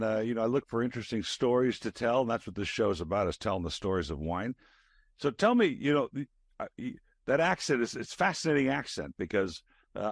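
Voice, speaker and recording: An older man hosting a podcast from a studio, rambling chattily with fillers and trailing into lower murmurs. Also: no room sound. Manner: rambling with fillers, drops to a low mutter. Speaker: podcast host. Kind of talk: casual interview chat.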